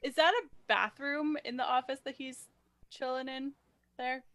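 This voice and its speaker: A woman's voice: sits high, steady tone, normal speed, fairly bright tone. A woman co-hosting a film podcast in casual chat, wry with dry asides. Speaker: podcast co-host.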